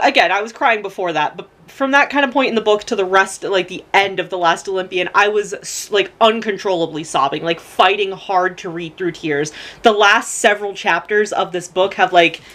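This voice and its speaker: A woman's voice: mid-range voice, fairly bright tone. A young woman rambling emotionally in a casual book review vlog, swearing freely and close to tears. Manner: rambling, gushing, profane, many fillers. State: close to tears, laughing through crying. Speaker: book vlogger.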